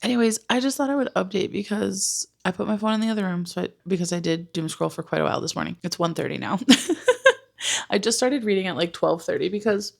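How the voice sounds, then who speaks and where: Emotional young woman, slightly gravelly voice. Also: medium pitch, fast, few pauses. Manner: emotional and exasperated, many "like" fillers, rants about a book. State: emotional, close to tears. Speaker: book vlogger. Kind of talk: casual talking-head vlog update.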